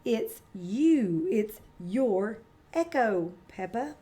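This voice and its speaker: A woman voicing a gentle, encouraging female gazelle teacher in a storybook read-aloud, in a warm, teacherly tone. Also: medium pitch, lively intonation, extremely slow.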